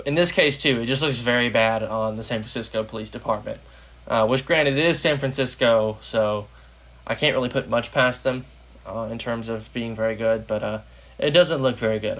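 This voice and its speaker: A man's voice: lowish voice, fairly bright tone. A young American man hosting a casual political podcast, rambling with lots of fillers. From United States. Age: young adult. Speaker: podcast host.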